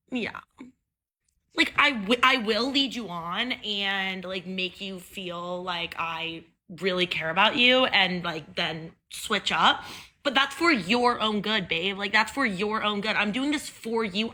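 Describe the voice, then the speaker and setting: A woman's voice: mid-range voice, takes it slowly, pushed and bright. A woman reacting to a video with sarcastic, mocking rants. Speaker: commentator.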